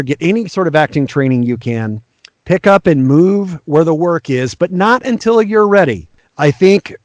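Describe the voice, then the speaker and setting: A man's voice: fairly high pitch, dry recording. A middle-aged male voice actor, a guest in an interview, giving earnest, frank and encouraging career advice.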